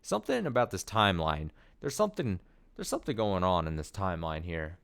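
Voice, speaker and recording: A man's voice: low voice, sing-song, fairly quick, creaky, fairly bright tone. A young man streaming a video game, chatting casually and wondering aloud as he reads in-game text. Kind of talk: casual gameplay commentary, reading text aloud.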